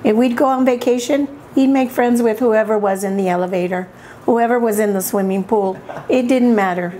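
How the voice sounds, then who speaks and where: A woman's voice: fairly high pitch, normal speed, dark tone. An older woman interviewed at home, fondly telling stories about her son. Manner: fond, storytelling. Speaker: comedian's mother. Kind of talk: interview reminiscence.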